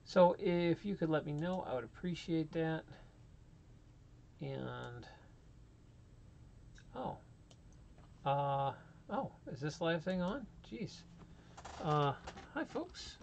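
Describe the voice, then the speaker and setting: A man's voice: fairly high pitch, expressive, takes it slowly, gravelly, pauses often, a little mellow, highs cut off, slight background noise. A man hosting a casual live stream, rambling and a little flustered as he works things out, laughing at himself often. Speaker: livestream host.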